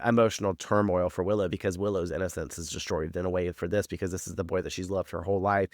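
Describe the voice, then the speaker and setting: A podcast co-host recaps a TV episode in loose, rambling chat packed with fillers and swearing. His voice is low, and the studio recording is clean with no echo.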